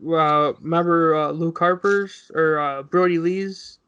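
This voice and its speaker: Higher-voiced man co-hosting a casual podcast. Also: steady tone, a little slow, fairly bright tone, smooth, highs cut off. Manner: rambling, recounts others in quotes. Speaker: podcast co-host. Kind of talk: casual wrestling chat.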